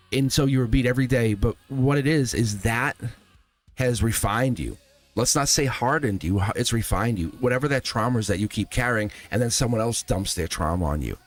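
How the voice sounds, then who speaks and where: A man giving a live tarot reading, speaking earnestly and emphatically straight to the viewer. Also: lowish voice. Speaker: tarot reader.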